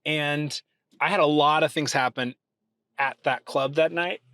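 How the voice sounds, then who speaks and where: A man hosts a casual chat from inside a car. He tells stories with animation and jumps into high voices for the people he quotes. The sound is dry and close. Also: steady tone, measured pace, pushed and bright, no room sound. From Texas. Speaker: host.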